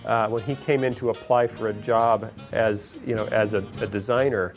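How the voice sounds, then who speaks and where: A man interviewed about making a show, telling stories in a relaxed way with many "you know" fillers. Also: fairly low pitch, normal speed. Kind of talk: behind-the-scenes interview. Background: music.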